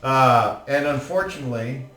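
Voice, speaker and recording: A man's voice: medium pitch, expressive, moderate pace, pushed and bright, distant mic. A man running a tabletop game as game master, narrating playfully and laughing often. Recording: echoey room, faint music.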